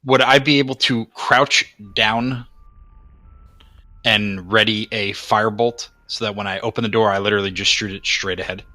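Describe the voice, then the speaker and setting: A man's voice: on the low side, fairly even intonation, moderate pace, pushed and bright, no room sound. A man playing in a tabletop game, chatting casually with eager questions. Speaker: player.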